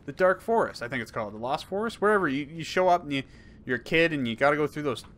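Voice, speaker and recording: A man's voice: on the high side, lively intonation, fast, fairly bright tone. A young man commenting on his gameplay, thinking aloud and trailing off mid-sentence. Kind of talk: let's play commentary.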